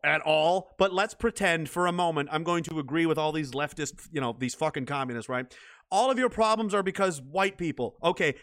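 A man's voice: a little high, fairly bright tone. A man delivering a blunt, profane, combative monologue rant, often restarting and repeating words. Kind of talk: ranting monologue.

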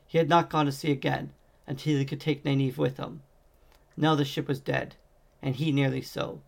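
Guy reading a fantasy book aloud, steady, kinda monotone, tons of vocal fry. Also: mid-range voice, normal speed. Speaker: audiobook reader.

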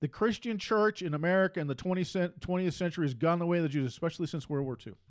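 A man's voice: fairly high pitch, fast talker. Emphatic man preaching, raised voice. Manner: emphatic and repetitive, hammering phrases. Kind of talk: preaching monologue.

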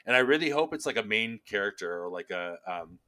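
A man with a low, bright and forceful voice chats casually while reacting to a trailer. He rambles excitedly and fills his talk with "like" and restarts. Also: a little fast. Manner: excited, rambling with many fillers.

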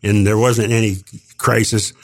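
Older man, low voice, indignant and emphatic, rambling podcast rant, dry close sound. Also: level tone, unhurried, dry recording. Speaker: podcast co-host. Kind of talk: impassioned opinion monologue.

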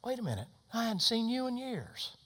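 A man voicing a chatty, grateful diner waitress in a sermon story, folksy and bright. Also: extremely high pitch, animated, moderate pace, voice pushed up, heavily acted.

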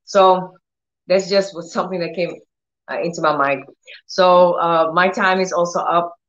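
Woman preacher telling a lively testimony. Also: lowish voice, unhurried, lo-fi sound. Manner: animated storytelling, acts out dialogue. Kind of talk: testimony teaching.

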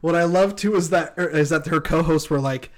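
A man's voice: on the high side, brisk. A man co-hosting a casual chat show, bubbly and laughing often while he introduces clips. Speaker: podcast co-host.

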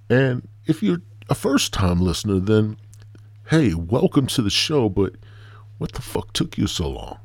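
A man's voice: on the low side, very animated, a little slow, darkish tone, dry recording. A man hosting a stoner podcast, rambling, swearing and joking as he talks. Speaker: podcast host.

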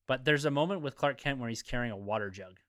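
A man co-hosting a podcast, chatting casually, agreeable and quick to laugh. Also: medium pitch, no room sound, studio quality. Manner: lively, agreeable, laughs often. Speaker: podcast co-host. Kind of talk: casual chat.

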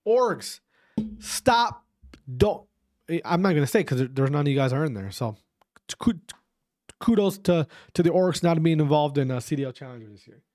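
A man's voice: fairly high pitch, very animated, moderate pace, darkish tone, no room sound, clean studio sound. A young man delivering a heated, profane rant to his viewers, lecturing and repeating himself with frequent "all right?" checks. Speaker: esports commentator ranting to viewers.

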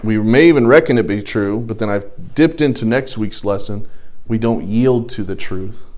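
A man's voice: lowish voice, normal speed, a little mellow. A middle-aged man leading an adult Bible study in a casual sermon style, telling stories and acting out inner voices. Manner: conversational storytelling with acted inner voices.

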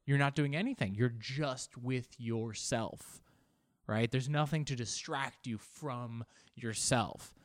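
A man's voice: medium pitch, slow, dry recording, studio quality. A man talking casually on his own, rambling and poking fun at himself, acting out little imagined conversations. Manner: rambling, self-mocking, acts out little quoted exchanges. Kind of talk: casual monologue.

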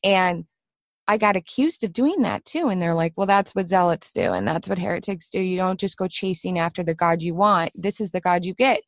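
A woman's voice: fairly low pitch, very animated, fairly quick, no room sound. A middle-aged woman hosting a casual podcast conversation. She tells her stories with energy and acts out the voices she quotes. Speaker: podcast host.

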